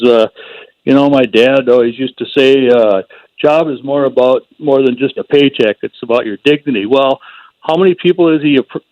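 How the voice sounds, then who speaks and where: A man's voice: medium pitch, no echo. Rambling male caller on a dull line. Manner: questioning, rambling, many fillers.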